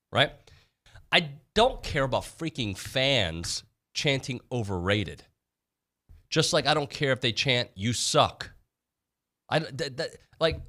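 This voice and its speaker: A man co-hosting a sports radio show, chatting casually and with strong opinions. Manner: animated, opinionated, voices quotes in a high put-on tone.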